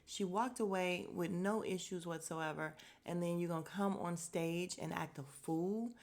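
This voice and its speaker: A woman hosting a podcast, giving a blunt, opinionated recap of a reality show, swearing freely and quickly acting out the cast's lines. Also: fairly low pitch, steady tone. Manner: acts out cast members' lines in quick asides. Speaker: podcast host.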